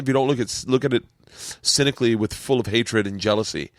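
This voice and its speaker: Man, podcast host, casual rambling chat, repeats himself, mid-pitched, dry sound. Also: fast talker, a bit bright, no room sound. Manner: rambling, repeats words, emotional. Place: home podcast studio.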